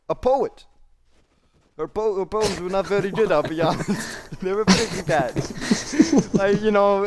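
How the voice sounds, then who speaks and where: A man voicing a proud, patriotic male Russian sniper soldier in broken English with a put-on Russian accent, during a game. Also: high voice. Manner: grandiose speeches, laughing. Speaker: streamer. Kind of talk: in-game voice role-play.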